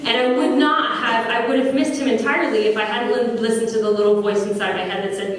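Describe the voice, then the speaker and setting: A woman's voice: on the high side, fairly quick, few pauses. Earnest woman storyteller in an echoey hall. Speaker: business founder. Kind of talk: personal storytelling speech. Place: large echoey venue at an opening event. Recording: echoey room from far off, faint noise.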